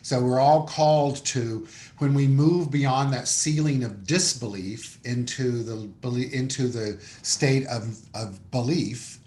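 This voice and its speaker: A man's voice: mid-range voice, a little mellow. A man, a minister, giving an earnest, explanatory conversational sermon. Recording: echoey room.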